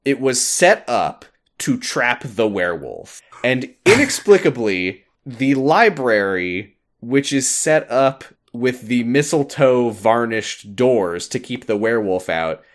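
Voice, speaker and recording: A man's voice: mid-range voice, slow, hardly any pauses. A man co-hosting a podcast, chatting casually and sarcastically as he recaps a TV episode. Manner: sarcastic, animated in quoted bits. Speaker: podcast co-host.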